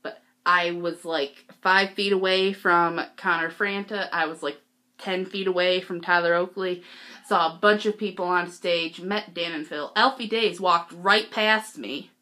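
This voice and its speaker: Teen girl vlogger, bright voice, unhurried, giggly and gushing. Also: fairly low pitch. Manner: giggly, excitable, peppered with "like". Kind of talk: casual storytelling vlog.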